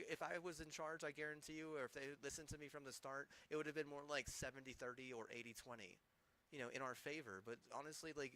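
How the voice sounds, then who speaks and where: A man's voice: medium pitch, sharp tone, low-quality recording. A young man streaming games, ranting angrily with constant swearing. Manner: angry, profane, ranting. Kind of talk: casual gaming stream rant.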